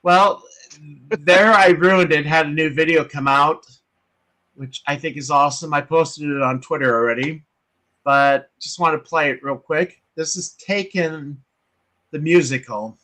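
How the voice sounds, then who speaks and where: A man, a priest co-hosting a casual stream, who explains things in a measured way. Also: fairly high pitch, sharp tone, low-quality recording. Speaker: priest co-host. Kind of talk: casual chat on a live stream.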